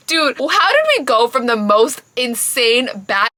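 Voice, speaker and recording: A woman giving a casual book review, animated and incredulous, full of exclamations. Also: on the high side, measured pace, hardly any pauses, no room sound.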